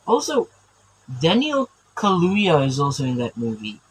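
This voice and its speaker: A man's voice: fairly high pitch, wildly swooping pitch, measured pace, breathy edge, low-quality recording. A man chatting casually while he draws, rambling and stammering with frequent laughs. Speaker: artist drawing on camera. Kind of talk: casual chat while drawing.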